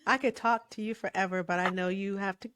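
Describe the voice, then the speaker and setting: A woman's voice: medium pitch, steady tone, fairly quick, fairly bright tone, slight background noise. A woman with a mid-range voice hosts a casual interview. She sounds emotional and full of gratitude, laughing often and thanking her guest at length. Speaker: podcast host.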